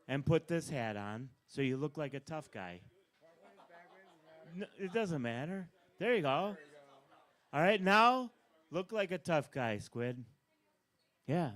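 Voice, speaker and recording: A man doing live stand-up at an open mic, bossing an audience volunteer around with playful, deadpan asides. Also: fairly high pitch. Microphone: handheld stage mic.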